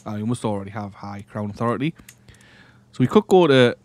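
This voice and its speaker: A man's voice: lowish voice, expressive, fairly quick, a little mellow. A man hosting a let's-play, casually thinking aloud as he plays a strategy game, often trailing off and restarting. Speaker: gaming channel host.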